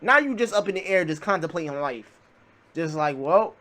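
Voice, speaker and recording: A man hosting a reaction video, talking casually and yelling excitedly at what he watches. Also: fairly high pitch, normal speed. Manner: excitable, yells at the clips, heavy swearing. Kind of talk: casual profane reaction commentary.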